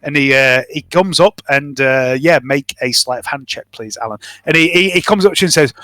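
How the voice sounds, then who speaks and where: A man's voice: medium pitch, a little fast, hardly any pauses, sharp tone, no echo. A man narrating a tabletop game as game master, in a chatty, descriptive way. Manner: chatty, descriptive, laughs easily.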